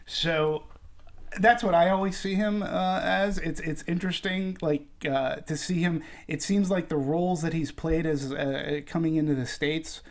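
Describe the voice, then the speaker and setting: A man's voice: fairly high pitch, steady tone, unhurried. Rambling man chatting about movies. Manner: chatty, rambling with many fillers and laughs. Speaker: film discussion host. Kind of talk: casual panel chat.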